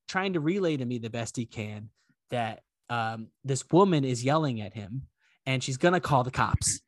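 A man's voice: medium pitch, dry recording, studio quality. A young man co-hosting a podcast, telling a story in casual chat, acting out the people in it. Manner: animated, acts out quoted voices, swears casually. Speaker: podcast co-host.

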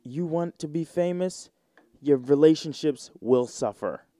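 A young man in his twenties hosts his own podcast and talks loosely in slang, with a mellow, warm tone. His voice sits dry and close, with no room around it. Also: a little high, a little slow, dry recording. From United States. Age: 20s. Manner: rambling, joking, slangy and irreverent. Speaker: podcast host. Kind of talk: casual solo podcast chat.

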